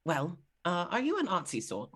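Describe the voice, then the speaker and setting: A woman's voice: lowish voice, wildly swooping pitch, moderate pace, breathy edge, full character voice. A woman voicing a polite, easily flustered father in a tabletop game, with ornate, apologetic manners. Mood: warm, explaining. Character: gracious, flustered middle-aged father.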